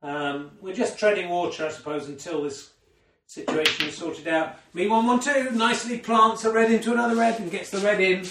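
A man with a fairly high voice delivers mock sports commentary, full of dry, self-mocking asides. He is heard from a distant omnidirectional mic in a roomy space, with a faint hiss underneath. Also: a little fast, a bit bright. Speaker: solo snooker commentator.

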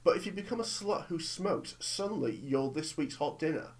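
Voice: mid-range voice, moderate pace. A host ranting and joking about films in a casual chat. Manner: animated, ranting, jokey. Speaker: podcast host.

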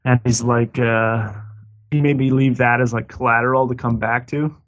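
A man with a mid-range, slightly bright voice speaks at a moderate pace with fairly even intonation. Co-hosting a casual podcast over a Skype call, he rambles through a long story full of swearing and restarts.

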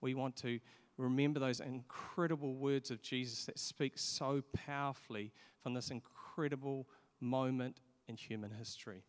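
A man delivering a sermon as pastor, earnest, with occasional pauses and rising emphatic peaks. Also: medium pitch, steady tone. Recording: long hall reverb.

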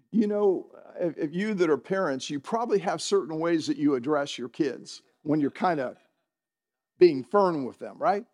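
High-voiced middle-aged pastor preaching. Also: male voice, expressive, a little slow, a little mellow. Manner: conversational, asks the congregation questions, chuckles often. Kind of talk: sermon. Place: church in front of a congregation.

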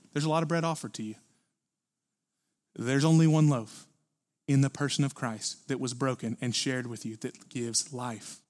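A man preaching a sermon at a church service, earnest and building to forceful emphasis. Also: medium pitch. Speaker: pastor.

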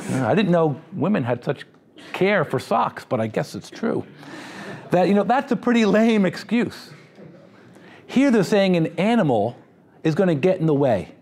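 A man's voice: sits high, lively intonation, moderate pace, pauses often, a little mellow. Joking conversational male preacher. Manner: humorous, conversational preaching with asides. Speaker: pastor. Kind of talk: sermon.

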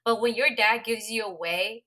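A woman's voice: a little high, moderate pace, bright, forceful tone. A woman in casual chat, explaining things earnestly.

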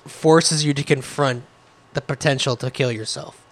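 A man co-hosting a podcast, animated and quick with comic bits. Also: mid-range voice. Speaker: podcast co-host. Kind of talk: casual comedic banter.

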